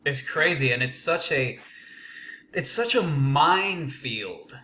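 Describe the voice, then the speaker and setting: Bright-voiced guy hosting a chat, blunt and fluent, lots of room echo. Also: fairly high pitch, lively intonation, takes it slowly. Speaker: interview host. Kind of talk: casual interview conversation.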